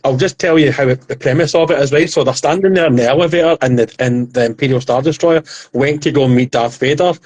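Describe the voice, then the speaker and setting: A man in his thirties, a podcast co-host, retelling comedy skits in a rambling, animated casual chat. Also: mid-range voice, fast talker, hardly any pauses.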